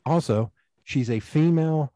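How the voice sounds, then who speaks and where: Mellow man telling stories. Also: on the high side, measured pace, no echo. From East Tennessee, USA. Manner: rambling, anecdotal, acts out quoted dialogue. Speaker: podcast guest. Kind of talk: casual storytelling conversation.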